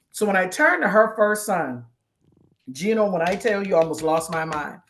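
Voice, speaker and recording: A woman's voice: on the low side, animated, moderate pace, fairly bright tone. Woman telling a heartfelt personal story. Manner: heartfelt, tearful storytelling with many quoted exchanges. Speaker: guest co-host. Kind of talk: casual chat, emotional personal story.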